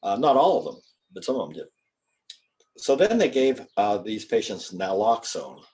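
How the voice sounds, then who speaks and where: Older man, low folksy lecturing voice. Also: big pitch swings, normal speed, warm tone. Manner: folksy, rambling, spells out terms. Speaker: guest speaker, chiropractor. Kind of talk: informal lecture to students.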